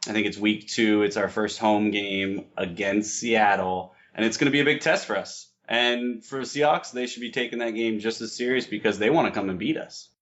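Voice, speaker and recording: A man's voice: fairly low pitch, steady tone, moderate pace, hardly any pauses, a bit bright. A man appearing as a guest on a sports podcast, chatting casually and easygoingly. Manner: easygoing, laughs along. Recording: dull lo-fi remote line.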